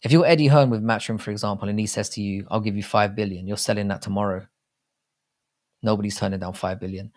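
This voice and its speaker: Profane, rambling British man, low voice. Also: steady tone, fast talker. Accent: British English. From Britain. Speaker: live stream co-host. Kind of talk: casual live chat.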